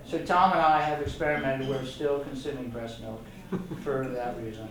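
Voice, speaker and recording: A man's voice: medium pitch, steady tone, moderate pace. An older man, a retired doctor, giving an enthusiastic, rambling informal lecture to a club audience and joking with them. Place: meeting room. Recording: echoey room, voice from a distant mic.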